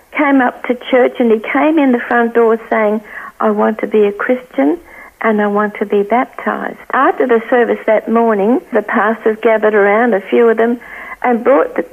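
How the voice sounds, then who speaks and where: A woman's voice: fairly high pitch, steady tone, moderate pace. An older woman from Australia telling a personal story as a guest, earnestly acting out the voices she quotes, heard over a phone line. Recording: tinny gravelly phone line.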